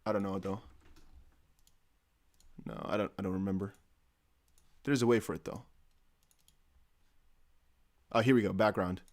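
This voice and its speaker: A man's voice: on the low side, fairly even intonation, measured pace, pauses often. A man hosting a casual live stream, chatty and jokey, thinking aloud with many fillers. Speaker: crypto livestream host.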